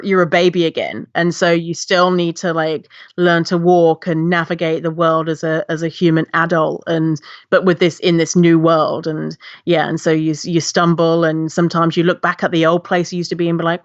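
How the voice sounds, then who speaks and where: Animated female guest, low register, candid storyteller; dull, dry lo-fi recording. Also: no room sound. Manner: animated, acts out her past reactions in a high voice. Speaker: podcast guest, body-image activist.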